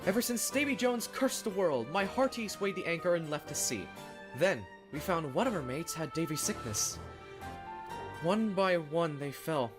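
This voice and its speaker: A blustering old sea captain barks pirate slang in a hobby voice-acted fan story, as a performer puts him on. The voice swoops up and down with lively, theatrical delivery. Music plays clearly underneath. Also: mid-range voice, moderate pace, lightly acted. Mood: grave.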